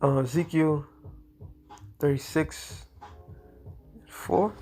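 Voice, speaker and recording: A man giving a combative religious commentary, speaking in casual slang and slowing into a measured cadence when he reads scripture aloud. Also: on the high side, fairly even intonation, a little mellow. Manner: casual slangy speech, repeats "all right" and "okay".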